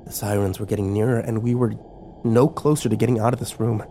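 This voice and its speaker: A man narrating a first-person audiobook in a steady, measured way. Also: fairly low pitch, slight background noise. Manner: steady, measured storytelling with lively intonation.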